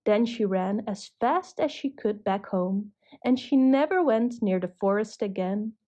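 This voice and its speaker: A woman narrating a children's cartoon story in a gentle, measured way. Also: medium pitch, expressive.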